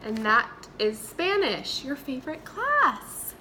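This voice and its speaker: A woman's voice: high voice, big pitch swings, bright, forceful tone, slight background noise. A woman teacher, leading a remote vocabulary lesson and having the class repeat words after her. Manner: slow, clear repeat-after-me drilling. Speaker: Spanish teacher.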